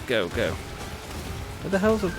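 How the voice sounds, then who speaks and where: A man's voice: on the high side, huge pitch swings, takes it slowly. Chatty man over game music. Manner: rambling, chatty, laughs often at his own jokes. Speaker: game streamer. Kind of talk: live gameplay chat.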